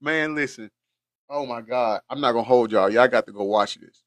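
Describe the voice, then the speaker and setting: A man's voice: medium pitch, normal speed, no echo. A man hosting a casual reaction show, laughing hard, teary and sniffling as he talks to his viewers. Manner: laughing hard, animated, chatty. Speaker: host.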